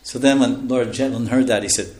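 A man preaches a sermon, speaking in a loose, conversational style. He laughs often and drops into soft, quiet asides. His voice sits at a middle pitch and carries through an echoey room. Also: fairly even intonation, a little fast, slight background noise. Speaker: spiritual teacher.

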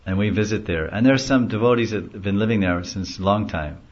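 Low-voiced man giving a devotional talk. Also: a little fast. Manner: conversational, rambling storytelling. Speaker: devotional class speaker. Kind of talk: devotional lecture. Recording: dull lo-fi recording.

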